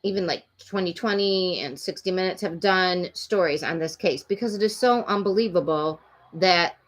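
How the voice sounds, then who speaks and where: A woman hosting a true crime show, talking casually and indignantly with many fillers. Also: medium pitch. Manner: opinionated, indignant, rambling with fillers.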